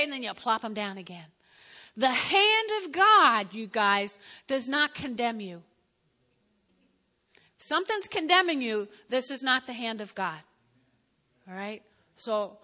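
A woman preaching a sermon, animated and stretching out her emphatic phrases. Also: on the high side. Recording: reverberant hall.

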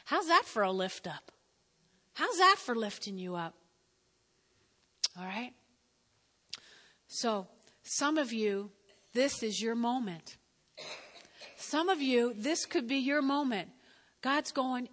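A woman preaching a sermon, animated and stretching out her emphatic phrases. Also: fairly high pitch, slow pace, pauses often. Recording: reverberant hall.

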